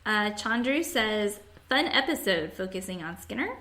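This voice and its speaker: A woman's voice: medium pitch, big pitch swings, normal speed, bright, forceful tone. A woman hosting a podcast, casually chatting and reading listener comments aloud with frequent laughs. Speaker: podcast host.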